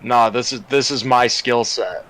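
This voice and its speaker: A man's voice: mid-range voice, fairly even intonation, measured pace, a bit bright, poor audio. A young adult man co-hosting a live stream, trading dry, teasing banter. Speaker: stream co-host and moderator. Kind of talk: casual live-stream chat.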